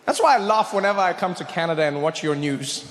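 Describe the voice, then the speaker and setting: A man performing a stand-up comedy set, animated, hammering home repeated punchlines. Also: a little high, quick pace, a little hiss or hum. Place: live comedy venue. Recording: echoey live hall. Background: audience laughter.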